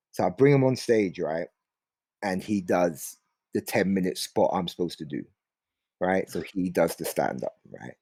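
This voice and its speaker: A young man tells animated, profane stories as a podcast guest, acting out the people in them. His voice sits low, and the recording from his home is very dry. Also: moderate pace, no room sound. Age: young adult. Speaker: comedian guest. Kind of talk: casual podcast storytelling. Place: home, remote. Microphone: remote call mic.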